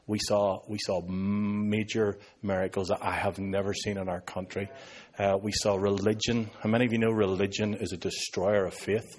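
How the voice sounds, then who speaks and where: A man's voice: fairly low pitch, level tone, moderate pace, darkish tone. A man in his fifties from Northern Ireland with a Northern Irish accent, a pastor preaching to a live audience and cracking sarcastic jokes. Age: 50s. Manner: joking, sarcastic asides to an audience. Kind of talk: sermon.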